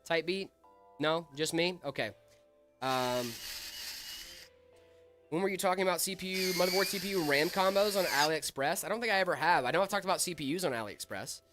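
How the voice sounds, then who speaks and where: A man's voice: a little high, a little fast, music in the background. A young man co-hosting a casual live stream, joking and answering viewer chat. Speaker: stream co-host.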